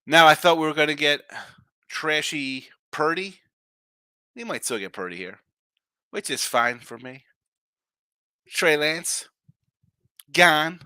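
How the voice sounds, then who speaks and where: A man's voice: a little high, expressive, slow, long pauses, pushed and bright, smooth, no echo, clean studio sound. A man hosting a live sports betting show, giving brash, jokey picks and chatting with viewers in the comments.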